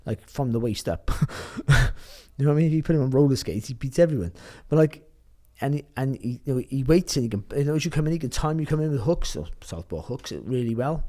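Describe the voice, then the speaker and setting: Fast-talking boxing pundit. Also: male voice, mid-range voice, animated, dark tone. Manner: rambling, restarts, swears freely. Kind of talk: casual panel chat.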